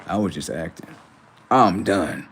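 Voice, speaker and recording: A man's voice: sits low, a little slow, fairly bright tone, husky. A man hosting a casual livestream, mocking and scolding his chat with teasing, repetitive remarks. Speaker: livestream host.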